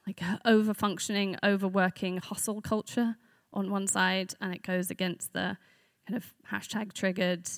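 A woman's voice: mid-range voice, level tone, moderate pace, hardly any pauses, no echo, clean studio sound. A woman giving a conversational sermon to a church group, earnest and reflective, speaking off the cuff.

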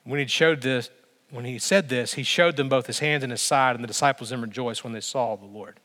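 A man preaching a sermon as pastor, emphatic, building through repeated phrases with slow dramatic pauses. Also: mid-range voice, a bit bright. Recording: long reverb of a large hall.

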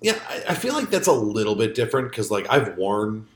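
A man's voice: on the low side, very animated, a little fast. A man co-hosting a podcast in loose, profane casual chat, rambling with many fillers. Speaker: podcast co-host. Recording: echoey room.

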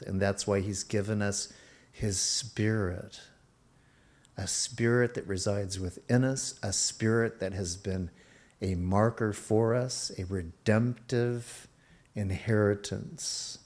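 A man's voice: on the low side, a little mellow. A male pastor preaching a sermon in an emphatic style, pressing his listeners and shifting his pace.

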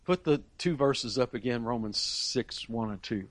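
A man's voice: mid-range voice, unhurried, dry recording. A man preaching a sermon, asking rhetorical questions and repeating key phrases for emphasis.

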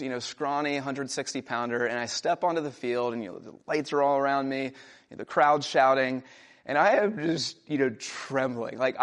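A young adult man, a pastor, preaching a sermon in a conversational storytelling way, raising his voice for emphatic quotations. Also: medium pitch. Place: church.

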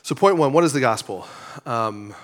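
A man, a church elder and pastor, preaching a sermon from a church stage in a relaxed, joking, conversational way with lots of filler words. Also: medium pitch, normal speed.

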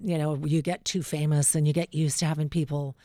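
A woman's voice: low voice, a little fast, no room sound, clean studio sound. A middle-aged woman, a radio host, telling stories in a casual interview and acting out the voices of the people in them. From Western Canada. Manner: animated, acts out quotes with shifting voices.

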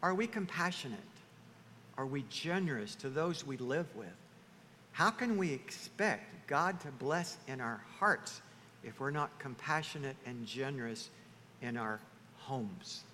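A man preaching a sermon to his church, animated, often acting out the voices of the people he quotes. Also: mid-range voice, measured pace, a little hiss or hum. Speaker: pastor. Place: church sanctuary. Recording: reverberant hall, faint ambience.

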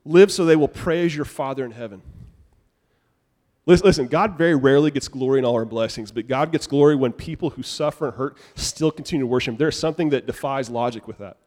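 A young adult man preaching a sermon to a church congregation in a casual, animated conversational way. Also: medium pitch, brisk. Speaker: pastor. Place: church sanctuary.

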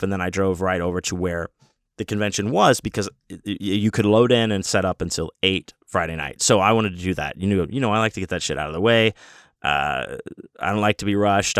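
A man's voice: sits low, a bit bright, clear, resonant tone, no echo, studio quality. A man telling a rambling, profane story in a casual way, with many restarts. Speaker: convention guest.

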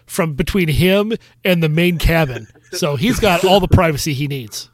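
A man's voice: on the high side, expressive, normal speed. A man in a casual movie podcast chat, making dry, matter-of-fact points. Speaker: podcast co-host.

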